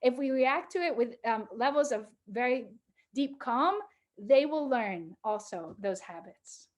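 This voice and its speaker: A middle-aged woman teacher talking calmly to a group of teachers, measured, with pauses and fillers. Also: a little high.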